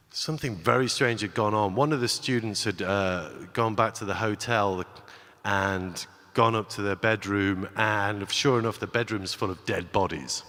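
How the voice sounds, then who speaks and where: Lower-voiced man telling a story in a reverberant hall. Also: bright, forceful tone. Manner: chatty, with many restarts and acted-out quotes. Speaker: conference speaker. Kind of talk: anecdotal storytelling on stage. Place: large conference hall. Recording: long reverb of a large hall.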